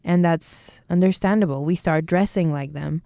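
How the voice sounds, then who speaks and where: A woman in her twenties co-hosting a chatty podcast. Her voice sits low, mellow and smooth, recorded dry and close. She talks in an animated, opinionated way, with quick asides. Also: dry recording. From Bulgaria. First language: Bulgarian. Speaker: podcast co-host, university student. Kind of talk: casual podcast chat.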